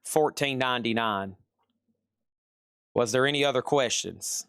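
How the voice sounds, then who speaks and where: A man's voice: mid-range voice, measured pace, a bit bright, smooth, dry recording, studio quality. A man with a Southern US accent hosting a live sales stream, chatty and repeating prices and buyer names.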